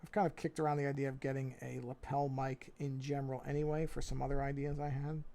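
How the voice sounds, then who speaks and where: A man giving casual running commentary while he draws, thinking aloud in a low-key, mumbly way with many restarts, speaking into a fixed mic while looking down at a tablet. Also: little pitch movement, quick pace, creaky, warm tone. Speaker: artist streaming his drawing. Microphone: fixed mic while he looks down at a tablet.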